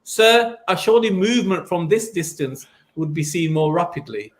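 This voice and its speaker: A man's voice: high-pitched, animated, moderate pace. A man hosting a podcast in casual chat, teasing with faux-polite, mock-innocent questions. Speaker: podcast host.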